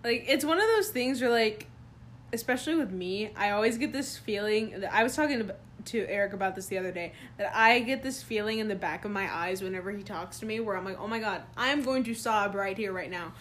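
A woman's voice: mid-range voice, fairly quick, fairly bright tone, slight background noise. A woman co-hosting a casual chat podcast, telling rambling stories with frequent giggles. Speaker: podcast co-host, band student.

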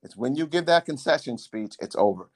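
A man's voice: mid-range voice, animated, brisk, slightly rough. A man in his sixties, a former congressman, telling stories to his son in a casual, emphatic way and repeating phrases for effect. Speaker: former congressman hosting a podcast.

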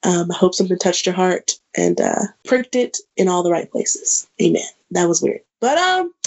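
A woman's voice: high voice, a little mellow, highs cut off. A woman co-hosting a casual church-talk podcast, talking freely with lots of "like" and "um". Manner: talkative, frequent "like" and "um" fillers. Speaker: podcast co-host.

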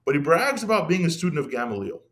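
A young man, a podcast guest, talking in an animated, casual way, with many restarts and asides. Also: fairly high pitch, quick pace. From Iran. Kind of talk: casual conversational discussion.

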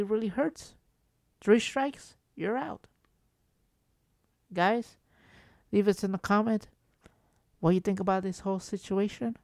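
A man's voice: sits high, vocal fry, a little mellow, dry recording, studio quality. A man vlogging as a football fan, ranting with passion and exasperation, swearing freely and repeating himself for emphasis. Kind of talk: emotional fan rant to camera.

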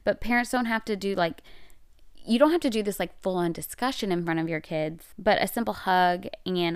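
A middle-aged woman talks through parenting advice in a relaxed, conversational way, often restarting her sentences. Her voice has a gravelly edge under a smooth, clear tone. The recording is dry and close. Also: mid-range voice, normal speed, dry recording. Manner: conversational, many fillers and self-corrections. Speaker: parenting podcast host. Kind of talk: casual advice talk.

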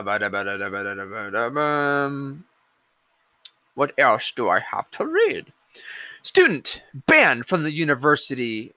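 A podcast host rants casually about politics, sarcastic and profane, drifting into hummed filler between stories. His voice is on the high side with a sharp tone, recorded dry.

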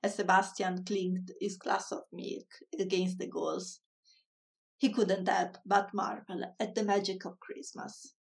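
Slow, soft-spoken woman reading a story. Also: medium pitch, level tone, vocal fry, far from the mic. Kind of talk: reading a children's story aloud.

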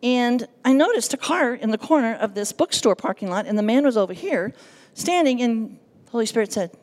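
A nervous woman giving a personal testimony to a congregation, animated and self-deprecating, acting out the voices in her story. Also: on the high side, brisk. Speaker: church speaker giving testimony.

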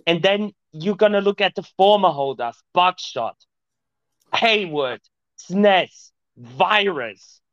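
A man's voice: high-pitched, expressive, slow, a bit bright, dry recording. A man, a podcast guest talking in slightly broken English, rambling casually. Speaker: podcast guest, show owner. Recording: dull lo-fi mic.

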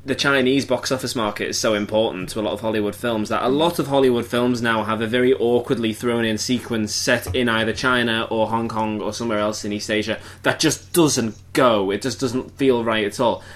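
A man's voice: medium pitch, brisk, few pauses. Opinionated man hosting a podcast. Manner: animated, opinionated, steers the chat. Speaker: film review podcast host. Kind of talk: casual chat.

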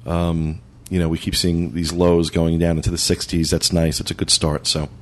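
Man, very low voice, podcast host, casual roundtable chat, laughs a lot. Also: little pitch movement, normal speed. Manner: laughs often, fillers, hosts segments.

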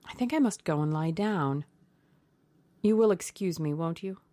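A woman's voice: lowish voice, lively intonation, moderate pace, mellow, no echo, lightly acted. A woman doing a haunted, weary young man. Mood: faint, weary. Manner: weary, sad, nervous.

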